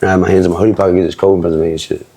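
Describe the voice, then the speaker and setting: A man's voice: sits low, flat delivery, racing, warm tone, husky. A young man from Philadelphia, a rapper, telling his story in rambling street slang as an interview guest. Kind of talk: casual storytelling.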